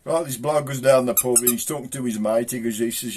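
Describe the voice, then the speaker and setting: A man with a Black Country accent telling jokes, doing his characters' voices with shouts and raised pitch. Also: fast, few pauses, a little hiss or hum. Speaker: joke teller.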